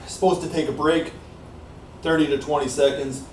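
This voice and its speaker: Out of breath after exercising, a Canadian vlogger talks in a meandering way, often saying "like I said" and pausing with "uh." His voice is fairly high, flat and darkish. He's far from the mic in a small, warm indoor room, so the recording sounds roomy and off-mic with faint background hiss.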